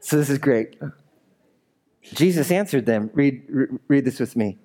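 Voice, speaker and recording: Conversational, animated male pastor preaching. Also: medium pitch, measured pace. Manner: conversational, animated, asks the congregation questions. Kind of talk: sermon. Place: church.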